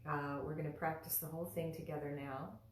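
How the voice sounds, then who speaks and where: A woman teaching mantra pronunciation in a live online lesson, patiently repeating each syllable slowly for her students to practice. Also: low-pitched, little pitch movement, roomy sound, slight background noise.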